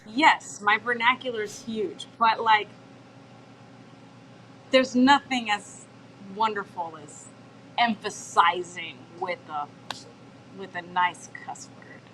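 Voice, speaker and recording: A woman with a bright, sharp voice chatting as a guest, trading frank stories and swearing freely. Faint background noise sits under her voice. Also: mid-range voice, fairly even intonation, slow pace, pauses often, poor audio. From United States. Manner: candid, swears a lot, laughs while telling stories. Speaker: mother of a toddler. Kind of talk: casual chat.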